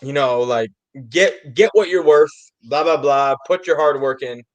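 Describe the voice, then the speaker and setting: Higher-voiced male panelist, animated storyteller, swears a lot. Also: measured pace. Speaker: panel guest. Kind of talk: casual sports talk.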